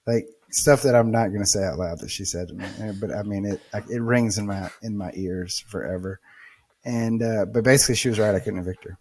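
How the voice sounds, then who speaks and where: A man's voice: fairly low pitch, brisk. A man, a podcast guest and real estate investor, telling a story casually, swearing and acting out quotes. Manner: animated, swearing, acts out quotes.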